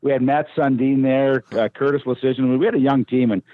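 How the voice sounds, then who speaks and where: A man, a former hockey enforcer, tells stories in a relaxed, rambling way, often restarting his sentences. His voice comes through a thin, phone-like line. The sound is dry and close, with no room around it. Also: medium pitch, brisk, no echo. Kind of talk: casual storytelling.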